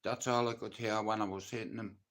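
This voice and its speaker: A man with a Dublin accent speaks in a blunt, intense way. He talks casually and swears freely as he tells his own rough life story to a livestream audience. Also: fairly low pitch, level tone, a little fast, a bit bright. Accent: Dublin Irish.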